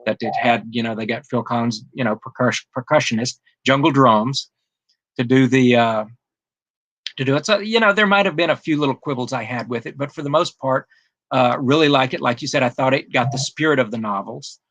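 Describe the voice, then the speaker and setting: A man's voice: mid-range voice, brisk, a bit bright, dry recording, muffled recording. A man speaking as the guest author in an interview, in an earnest and thoughtful way. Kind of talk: interview conversation.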